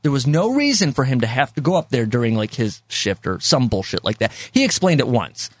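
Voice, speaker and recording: A man's voice: medium pitch, big pitch swings, fairly quick, dry recording. A man hosting a casual movie discussion podcast, rambling with many fillers and repeats, and laughing easily. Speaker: podcast host.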